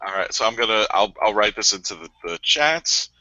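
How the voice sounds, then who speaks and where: A man with a low but lively voice and bright, dry tone, heard over a muffled lo-fi voice call. He organizes the game, laying out turns with hesitant fillers. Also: a little fast, no room sound. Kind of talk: casual game chat.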